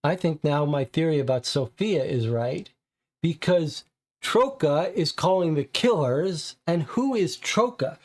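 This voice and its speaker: A man with a fairly high voice thinking aloud over a detective board game. He reads case text and then reasons through suspects in quick, searching bursts. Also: lively intonation, a little mellow. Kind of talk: thinking aloud while reading game cards.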